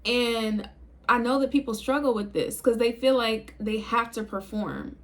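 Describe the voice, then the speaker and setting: Speaking to camera, a young woman who makes videos keeps her voice low and relaxed. She takes her time, sounding casual and thoughtful as she talks with her audience.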